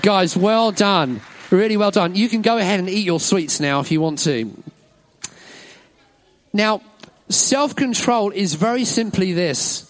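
A man's voice: sits high, unhurried. A man leading a children's talk in a church service, upbeat and encouraging, praising every answer. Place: church hall with an audience.

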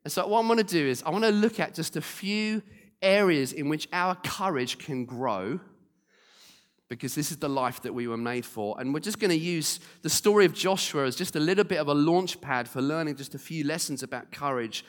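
A man preaching a sermon, telling stories lively and speaking straight to the congregation. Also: on the high side, normal speed, long reverb tail. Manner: lively storyteller, acting out quotes, direct to congregation. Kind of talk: storytelling sermon.

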